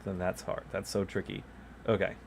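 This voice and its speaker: A man's voice: deep voice, level tone, normal speed, gravelly, slight background noise. A man streaming a game at his home desk, chatting loosely and chuckling at himself into a microphone set beside him. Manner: rambling, chuckles often, self-mocking. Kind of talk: casual chat while gaming.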